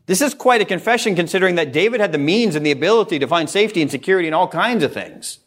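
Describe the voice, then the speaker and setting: A man's voice: fairly high pitch, expressive, very fast, hardly any pauses, fairly bright tone. A male pastor giving an earnest, emphatic sermon, reading scripture and stressing key phrases.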